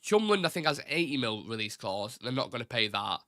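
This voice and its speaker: A mid-range male voice, with no room sound and a clean studio finish, belongs to a young man from Salford, Greater Manchester, who has a Mancunian accent. He hosts a fan talk show on a live stream, reading out the chat's questions and comments. His manner is blunt and opinionated, quick and animated, with swearing.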